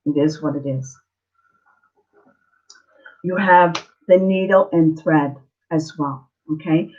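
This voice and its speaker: A woman's voice: low voice, slow pace, darkish tone, highs cut off, a little hiss or hum. A woman giving a live online tarot reading, earnest and emotional, often checking in with the listener. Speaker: tarot reader.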